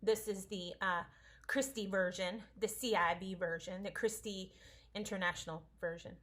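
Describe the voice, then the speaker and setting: Bright, chatty woman teacher. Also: mid-range voice, fairly even intonation, moderate pace. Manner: chatty, playful, encouraging. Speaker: science teacher. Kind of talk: casual home-school lesson.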